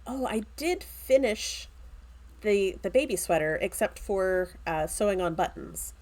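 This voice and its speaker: A woman's voice: mid-range voice, expressive, measured pace, a little mellow. A woman co-hosting a casual crafting chat, playful and self-mocking. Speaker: co-host.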